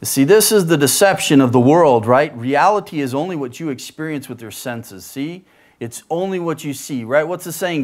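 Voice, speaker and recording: A male pastor delivering a sermon in an animated, rhetorical way, often tossing in "right?" asides. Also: mid-range voice, normal speed.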